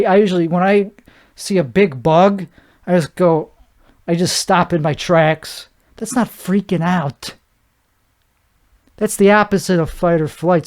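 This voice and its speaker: A man hosting a solo podcast, rambling from one thought to the next in a joking, self-deprecating way. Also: high-pitched. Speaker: podcast host.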